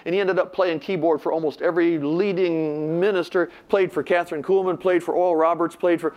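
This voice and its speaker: A man's voice: fairly high pitch, a little fast, highs cut off. Older male preacher telling stories. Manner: animated retelling, acts out quoted voices. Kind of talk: sermon storytelling.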